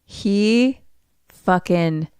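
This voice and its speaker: A woman's voice: mid-range voice, very slow, darkish tone, clear, resonant tone, no echo, clean studio sound. A woman podcast co-host in casual chat, reacting expressively and swearing.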